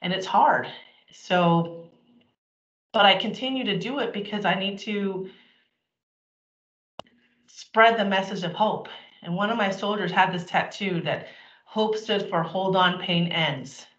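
A woman's voice: medium pitch, unhurried, long pauses, a bit bright. A middle-aged woman giving a candid, emphatic motivational talk to an audience, acting out the things people said. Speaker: speaker. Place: event hall. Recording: roomy, dull lo-fi sound.

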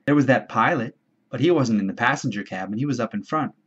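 A man's voice: medium pitch, expressive, fast talker, a bit bright, husky, highs cut off. A man voicing an anxious, chubby schoolboy with asthma and glasses who talks ungrammatically and eagerly, in a storybook reading. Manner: fretful, ungrammatical, eager to please.

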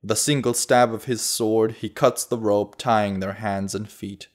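Guy narrating a fantasy audiobook, lowish voice, steady measured reading.

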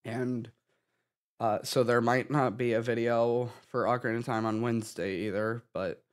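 Young man, tearful, slow halting delivery, sighs and restarts, personal vlog update. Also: fairly low pitch, clear, resonant tone. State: tearful, having been crying. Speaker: gaming YouTuber.

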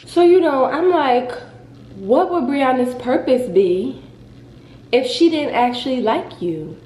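Animated young woman telling a story. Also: sits high, takes it slowly, slight background noise. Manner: dramatic, animated retelling. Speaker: vlogger. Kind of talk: casual storytime. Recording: echoey room.

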